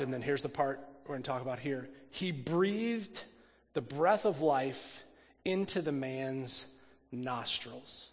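A pastor preaches a sermon animatedly in a voice on the high side, with a long reverb tail. He swings from loud emphasis to hushed, near-whispered lines, often repeating words as he thinks aloud.

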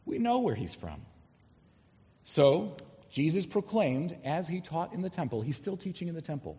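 A man preaching an expository sermon, emphatic and animated, reading scripture aloud and explaining it to a congregation. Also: fairly high pitch, moderate pace. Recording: long hall reverb.

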